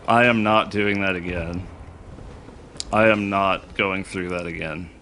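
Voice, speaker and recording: A man's voice: sits low, fairly even intonation, takes it slowly, sharp tone, a little hiss or hum. A man commentating his own live speedrun, self-deprecating and laughing often.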